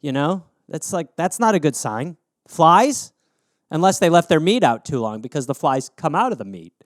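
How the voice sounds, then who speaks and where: A man's voice: a little high, sing-song, normal speed, no room sound, clean studio sound. A man in his thirties hosting a comedy podcast alone, riffing on listener suggestions, rambling and swearing, and slipping into silly voices.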